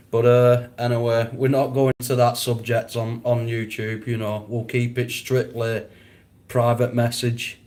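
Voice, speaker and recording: A man's voice: medium pitch, flat delivery, slow pace, a little mellow. A man chatting casually on a live stream, answering viewers, rambling and often breaking into laughter.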